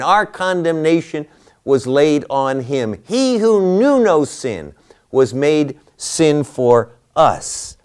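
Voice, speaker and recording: A man's voice: a little high, lively intonation, slow pace, a little mellow, smooth. A man teaching a Bible class, lecturing through a passage and posing rhetorical questions to his listeners.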